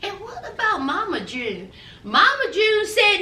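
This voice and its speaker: A woman's voice: very high voice, sing-song, measured pace, pushed and bright. A woman hosting a reality TV recap with sassy, gossipy commentary. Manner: sassy, gossipy, dramatic asides. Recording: echoey room, distance from mic.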